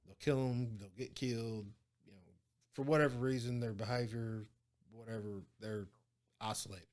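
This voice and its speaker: A man's voice: fairly low pitch, normal speed. Profane man telling stories. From Oklahoma. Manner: profane, animated storytelling with quoted dialogue. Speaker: guest, former prison guard. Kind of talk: casual storytelling interview.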